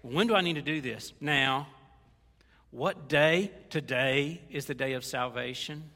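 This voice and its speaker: Joking middle-aged pastor in a reverberant hall. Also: male voice, medium pitch, measured pace, bright, forceful tone. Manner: conversational and joking, with quoted asides. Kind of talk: sermon.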